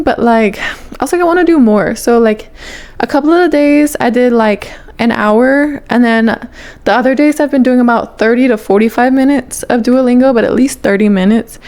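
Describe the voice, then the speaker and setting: A woman's voice: a little high, darkish tone. A young woman vlogger in casual chat, rambling and chatty, filling her talk with "like" and swearing casually.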